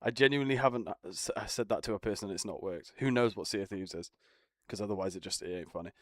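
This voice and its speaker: A man's voice: lowish voice, fast talker, dry recording, clean studio sound. A young man bantering casually with friends as a streamer, teasing, swearing and laughing often.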